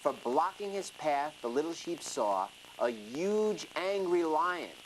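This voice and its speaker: A storyteller reading a rhyming children's story in an expressive, sing-song way. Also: mid-range voice, slow, a little hiss or hum, low-quality recording. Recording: music playing under the reading.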